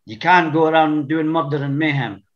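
This man's Orkney Scottish accent carries a pitch a little above the usual male range. He talks in a rambling, blunt way, repeating words as he works through a point. The recording is dull and lo-fi, like a modest podcast setup. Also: moderate pace. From Orkney Islands. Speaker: podcast guest. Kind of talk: casual interview chat. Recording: dull lo-fi sound.

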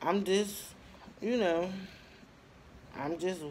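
A woman in her twenties talking casually to her viewers, telling her story with lively bursts and lots of fillers and pauses. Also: fairly low pitch, slight background noise. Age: 20s. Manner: chatty, animated storytelling, addresses viewers as y'all; frequent fillers and trailing pauses. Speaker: vlogger. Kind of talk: casual talk to camera.

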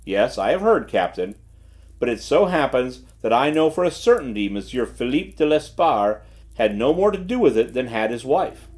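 A man voicing a shrewd gentleman detective who speaks quietly and with calm assurance. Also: mid-range voice, lightly acted. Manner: quiet, measured, self-assured.

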